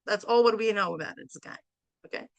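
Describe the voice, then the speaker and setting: A woman's voice: mid-range voice, a little fast, vocal fry, no room sound. A middle-aged woman telling a family story to a group, acting out both sides of a phone call and mixing in Hebrew phrases. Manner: sprinkles in Hebrew and Yiddish phrases. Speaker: mastermind group leader.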